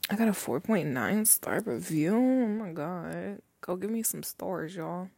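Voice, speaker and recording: A woman's voice: fairly low pitch, lively intonation, a little slow, gravelly, mellow, slightly rough, dry recording. A young woman hosting her own podcast from home, chatting loosely with lots of fillers, laughs and the odd swear. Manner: rambling, many fillers, swears, laughs often. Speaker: podcast host. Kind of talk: casual solo podcast chat. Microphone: handheld microphone.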